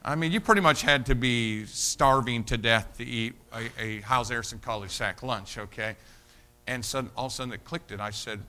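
Here a pastor narrates a sermon story in a homespun style, going over his words again and again as his volume rises to strong emphasis and drops to a hush. He has a mid-range voice and talks fairly quickly.

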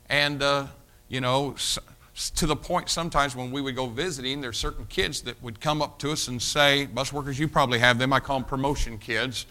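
A pastor telling a story in a sermon, folksy, repeating his words and swinging from loud emphasis to hushed tones. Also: medium pitch, fairly even intonation, brisk.

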